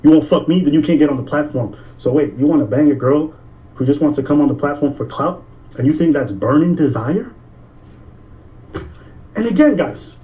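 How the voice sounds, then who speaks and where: A man in a played clip giving critical commentary in an animated, mocking way. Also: a little high, normal speed, pauses often, far from the mic, lo-fi sound. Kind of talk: casual commentary.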